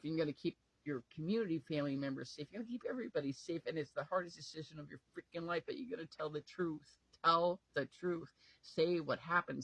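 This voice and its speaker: A man's voice: fairly high pitch, a bit bright, no room sound, poor audio. A tired man venting to camera at home in a rambling, profane, emotional way, often trailing off and restarting. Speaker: vlogger. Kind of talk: casual talk to camera.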